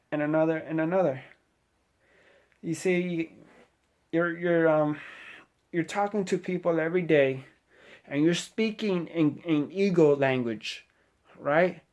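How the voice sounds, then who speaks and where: With a fairly high but darkish voice, a middle-aged Navy sailor talks at a measured pace with long pauses. It's an informal motivational address to the camera, sermonizing and meandering, peppered with "you know," and aimed squarely at the viewer.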